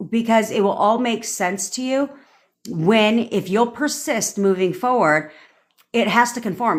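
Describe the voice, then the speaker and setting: A woman manifestation coach on a livestream, ranting bluntly with swearing and acting out quoted lines. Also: medium pitch. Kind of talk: livestream rant.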